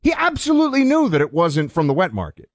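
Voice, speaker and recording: Man, talk-show co-host, indignant, fairly high voice, dry studio sound. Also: wildly swooping pitch, fast talker, no room sound. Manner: indignant, pitch swings high when angered. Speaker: radio co-host.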